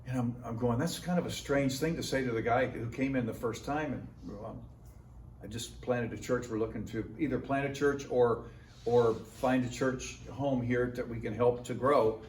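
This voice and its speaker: A man preaching a sermon, telling a story casually and acting out other people's lines with lively jumps in his voice. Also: moderate pace. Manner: animated, acts out quoted voices with big pitch jumps. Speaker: pastor. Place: church sanctuary. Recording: echoey church hall, mic at a distance.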